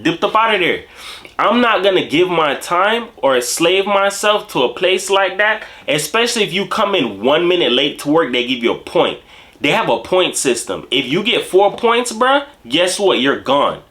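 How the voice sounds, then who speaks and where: A man from Jamaica tells a story in a casual monologue full of slang. His voice is bright and sits a little high, and his pitch moves a lot as he talks. He sounds animated and streetwise. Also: moderate pace. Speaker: host.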